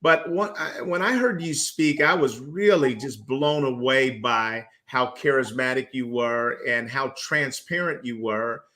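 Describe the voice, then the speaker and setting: A man's voice: medium pitch, a little slow, hardly any pauses, sharp tone. A man hosting an interview, asking earnest, admiring questions. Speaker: host.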